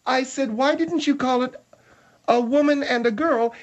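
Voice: high-pitched, lively intonation, unhurried. A person on a comedy talk radio show, knowing and exasperated. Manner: knowing, name-dropping, exasperated.

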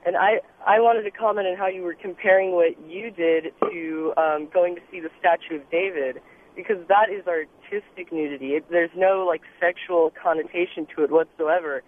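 A man voicing an earnest young woman caller on a comedic phone-in, halting and full of fillers. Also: high-pitched, steady tone, a little hiss or hum, natural voice. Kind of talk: comedic phone-in role-play. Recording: tinny phone line.

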